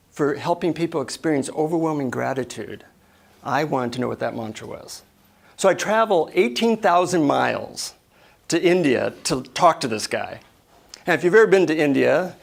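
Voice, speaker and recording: A man delivers a motivational keynote on stage, telling stories full of lively voiced asides. His voice is gravelly and sits a little high for a man, and he moves easily from plain telling into acted-out moments. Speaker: keynote speaker. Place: stage before an audience.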